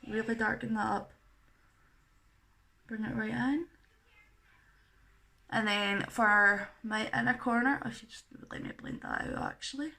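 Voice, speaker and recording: A woman's voice: a little high, vocal fry, fairly bright tone. A young woman talking through a makeup tutorial in a chatty, self-deprecating way. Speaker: makeup artist.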